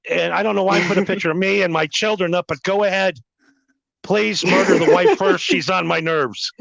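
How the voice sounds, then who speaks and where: A man's voice: high-pitched, fast, creaky, fairly bright tone, dry recording, muffled recording. A man hosting a podcast in casual chat, crude and joking, laughing often. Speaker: podcast host.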